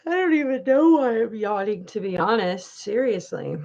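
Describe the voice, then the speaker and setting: A woman's voice: a little high, moderate pace. Laughing chatty woman live-streaming. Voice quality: laughs often, chatty and animated. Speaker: livestream host. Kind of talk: casual live chat reading comments. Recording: dull lo-fi livestream audio.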